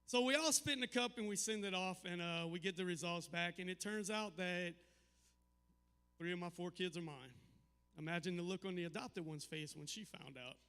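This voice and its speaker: A middle-aged man doing a stand-up set, telling crude family stories with deadpan punchlines. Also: high-pitched, normal speed, smooth, in a large hall. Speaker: stand-up comedian. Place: live comedy venue.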